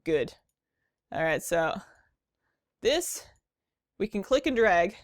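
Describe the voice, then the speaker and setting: A woman's voice: medium pitch, big pitch swings, takes it slowly, dry recording, studio quality. A woman giving let's play commentary, bubbly, giggly and self-mocking. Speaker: game streamer. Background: game music.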